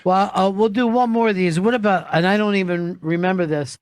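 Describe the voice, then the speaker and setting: A man's voice: high voice, steady tone, brisk, smooth, no room sound. A man hosting a comedy talk show, bantering in a wry, blunt and profane way. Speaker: host.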